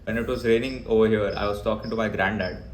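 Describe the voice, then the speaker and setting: A man's voice: on the low side, fairly even intonation, quick pace. A young man delivers a blunt, emphatic rant straight to camera. His talk is full of fillers and restarts. The sound bounces around an echoey room with a faint hum behind him. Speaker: vlogger.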